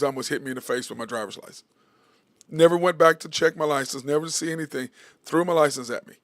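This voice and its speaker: A man's voice: a little high, dry recording, studio quality. A man hosting a sports talk show, delivering a heated, blunt opinion monologue and swearing freely.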